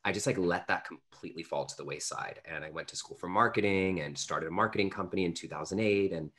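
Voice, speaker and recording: A man's voice: sits low, fast talker, a bit bright. A man in his thirties, an interview guest telling a personal story earnestly, with lots of fillers. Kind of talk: storytelling in conversation.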